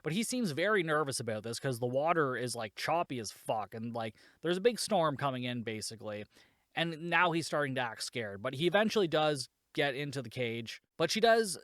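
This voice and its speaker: A man's voice: mid-range voice, sing-song, a little fast, fairly bright tone, no room sound, clean studio sound. A man hosting a podcast, recapping and reviewing a movie in a casual, sarcastic way, swearing a lot and saying "like" often. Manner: sarcastic and heavily profane; frequent filler "like". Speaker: podcast host.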